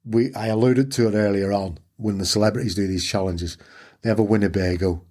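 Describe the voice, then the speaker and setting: A man's voice: lowish voice, a little fast. A man with a Yorkshire accent, a podcast guest telling his story and acting out the dialogue in it. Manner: animated storyteller who acts out dialogue. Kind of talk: personal storytelling interview.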